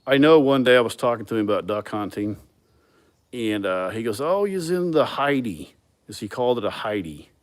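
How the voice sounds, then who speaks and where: Deep-voiced man, profane and laid-back. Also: a little fast. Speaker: livestream host. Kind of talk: casual chat, rambling storytelling.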